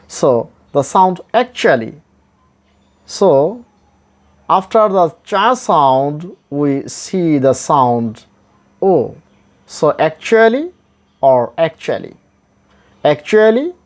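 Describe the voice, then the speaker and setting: A man gives a pronunciation lesson at an unhurried pace, drilling each example word again and again. His pitch rises and falls a lot, and his voice lifts sharply on every stressed drill word. The delivery is deliberate and patient. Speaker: English pronunciation teacher.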